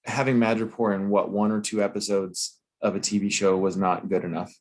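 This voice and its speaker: A man with a fairly low voice co-hosts a casual chat. He is playful and showy, and he stretches his build-ups like an announcer. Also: little pitch movement, a little fast, darkish tone. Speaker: co-host.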